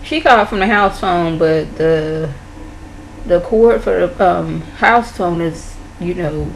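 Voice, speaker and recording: A woman's voice: on the low side, slow pace, gravelly, a little hiss or hum, poor audio. A woman vlogger giving a casual, chatty recap of a TV episode and acting out the characters' lines as she goes. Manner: chatty, acts out the characters' lines in her retelling.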